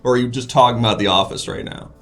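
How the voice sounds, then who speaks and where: A man's voice: medium pitch, fairly even intonation, racing, fairly bright tone, soft background music, natural voice. A man playing a laid-back, money-minded male therapist in an improvised comedy sketch, asking dry, probing questions. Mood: deadpan.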